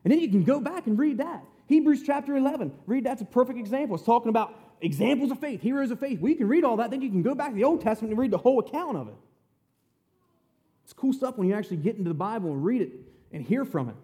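A man's voice: very high-pitched, lively intonation, fast, mellow, slightly rough. A man teaching a casual Bible lesson who often checks in with his listeners. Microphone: handheld or stand mic at close range.

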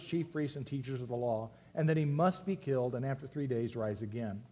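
A man's voice: mid-range voice, fairly quick, dark tone. A man preaching a sermon as pastor, earnest and reflective, often restarting his phrases.

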